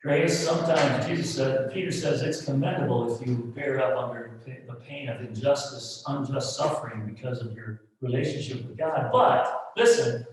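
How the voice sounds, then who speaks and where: In a church sanctuary, a middle-aged male pastor with a mid-range voice preaches a sermon frankly and conversationally. He drops into soft asides and rises to loud, emphatic peaks. The mic is distant, giving a roomy echo.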